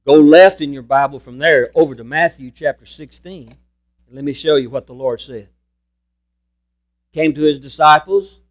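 A man preaching a sermon as pastor, stressing scripture slowly and emphatically. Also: fairly high pitch.

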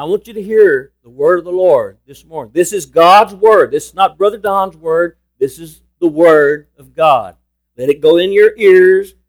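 A man preaching a sermon as pastor, stressing scripture slowly and emphatically. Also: high voice.

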